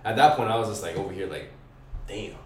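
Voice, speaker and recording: A young podcast guest with a lowish, darkish voice tells a rambling, profane story in thick slang, acting out what he and others said. He talks rapid-fire, sitting some way from the mic. The echoey room leaves a roomy sound with a faint hiss underneath.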